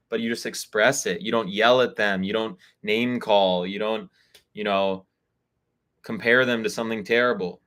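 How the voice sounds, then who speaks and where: A man's voice: lowish voice, steady tone, normal speed, fairly bright tone. A man hosting an online spiritual call, giving candid, conversational advice on friendships and acting out bits of dialogue. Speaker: spiritual reader and community host. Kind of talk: live online call, casual advice talk. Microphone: video call.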